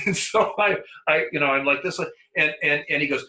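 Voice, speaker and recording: An older man recounting his umpiring days in a casual interview. His voice is very bright and sharp, and he stumbles over repeated words and breaks into laughter. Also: a little high, normal speed, rough recording. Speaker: former umpire.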